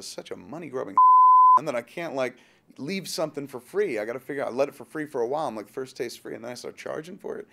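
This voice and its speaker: A man in his thirties, telling a rambling story in a casual, joking interview, quick with asides and the odd swear word. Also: medium pitch, creaky. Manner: fast, animated and jokey, quick asides and profanity. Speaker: interviewee, filmmaker and author.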